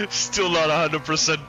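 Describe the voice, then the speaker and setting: A man chatting live with viewers while racing, greeting them by name and talking through his driving as he concentrates. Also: medium pitch. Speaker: sim racing streamer. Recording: game stream with loud background music. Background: music in the background.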